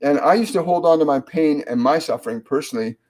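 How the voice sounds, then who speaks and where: A man hosting a live psychic reading, calmly relaying spirit messages in a halting way full of restarts and fillers. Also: on the high side. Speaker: psychic medium host.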